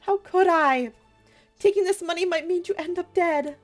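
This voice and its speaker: A woman reading out a video game's dialogue for a loyal, protective young man who was once a delinquent, in her own high voice. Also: moderate pace, faint music behind. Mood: firm. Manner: reading game dialogue aloud.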